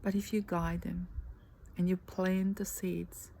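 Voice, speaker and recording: Speaking in a dark, low-ish voice with little pitch movement, a woman coaches softly in a motivational talk. Her earnest, slow, emphatic delivery often fades to a breathy near-whisper, captured on a rough recording with faint background noise.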